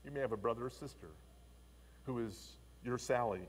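A male pastor giving a sermon, telling a story in an expressive, animated way. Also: medium pitch, fairly quick, a little hiss or hum. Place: church. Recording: long church reverb.

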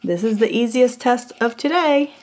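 A woman's voice: on the high side, moderate pace. A woman with a put-on American country twang, reviewing cookware in a jokey, chatty way at a home kitchen counter. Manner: jokey, animated, laughing asides. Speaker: product reviewer vlogger. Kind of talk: casual chatty product test.

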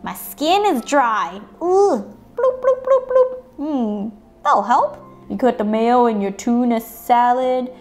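Woman, toy unboxing host, playful chatter, high lively voice, faint music underneath. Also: slow pace. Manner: bubbly, puts on silly voices for toys.

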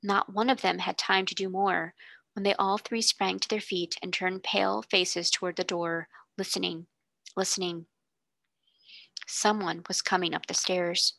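Woman reading a storybook, gravelly bright voice. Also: lowish voice, flat delivery, a little slow, dry recording. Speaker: tutor reading aloud.

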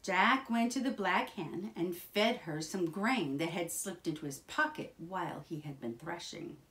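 A woman reading a children's picture book aloud in a slow, expressive, sing-song way. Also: fairly low pitch. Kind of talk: children's storybook read-aloud.

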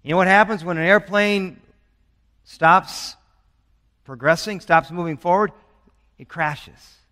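In a church sanctuary thick with long reverb, a man in his sixties delivers a sermon as pastor. His voice is high and sharp, and he takes it slowly, earnest and increasingly urgent as he blends scripture with stories from his own life.

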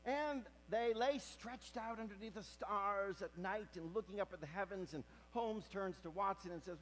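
Dramatic male preacher, hushed to booming. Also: expressive, moderate pace, a little hiss or hum, rough recording. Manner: swings from hushed near-whisper to loud emphatic preaching. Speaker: pastor. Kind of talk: sermon.

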